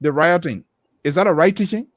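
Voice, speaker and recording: A man's voice: a little high, fairly quick, no echo, studio quality. A man hosting a radio talk show, pressing his guests with direct questions. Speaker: radio host.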